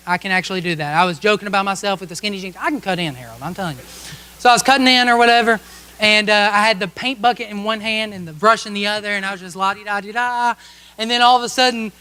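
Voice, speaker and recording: A pastor with a very high, bright, forceful voice delivers a self-mocking story to his congregation. He keeps the tone light and comic and checks in with the room with quick asides. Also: clean tone. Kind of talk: storytelling sermon. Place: church service.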